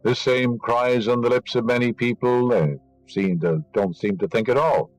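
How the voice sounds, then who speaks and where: A man's voice: medium pitch, steady tone, normal speed, faint music behind, low-quality recording. A man delivering a spiritual lecture, emphatic and teaching, scornful of superstition and fond of rhetorical questions. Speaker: inspirational lecturer.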